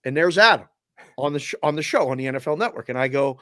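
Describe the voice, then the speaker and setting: A man's voice: medium pitch, quick pace, no echo, clean studio sound. A middle-aged man hosting a sports betting show in casual chat, telling stories animatedly and acting out the back-and-forth. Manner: animated storyteller acting out quoted exchanges.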